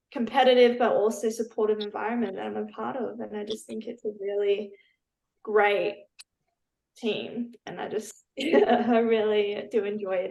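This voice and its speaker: A woman's voice: mid-range voice, creaky, darkish tone, rough recording. Chatty young woman. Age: young adult. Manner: chatty and upbeat, with many "yeah"s and "and I think"s. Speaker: football player. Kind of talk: casual interview answers. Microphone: video call.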